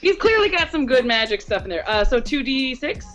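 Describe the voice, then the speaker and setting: A woman's voice: sits high, sing-song, fairly quick, a bit bright, soft background music. A woman playing in an online tabletop game, casual and playful, sometimes hesitant. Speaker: player. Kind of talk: casual play chat.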